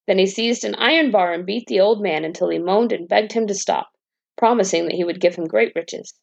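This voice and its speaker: A woman reading a fairy tale aloud as a bedtime story, in a calm, even storytelling manner. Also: medium pitch, fairly quick, gravelly.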